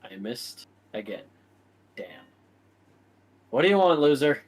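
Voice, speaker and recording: A man's voice: mid-range voice, measured pace, close to an everyday voice. A man voicing a grumpy, sarcastic young psychic woman in a tabletop game, with a curt, muttering delivery.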